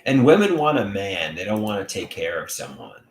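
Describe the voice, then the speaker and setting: A man livestreaming on his own, reading viewer comments aloud and talking in a halting, rambling way with many restarts. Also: lowish voice, very animated, reverberant. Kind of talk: casual livestream chat.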